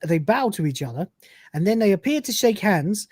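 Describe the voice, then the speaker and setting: A man's voice: high-pitched, sing-song, normal speed, a little mellow, husky, no room sound. Brief: male podcast host, recap chat, dry close mic. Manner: narrates scenes, reads quotes aloud, fillers. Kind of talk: live episode recap chat.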